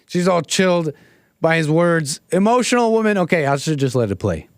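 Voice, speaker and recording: A man's voice: on the high side, lively intonation, a little fast, no room sound, clean studio sound. A man hosting a solo livestream, talking over a played clip with sarcastic, mocking commentary into a desk mic. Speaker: livestream host. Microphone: desk mic, streaming solo.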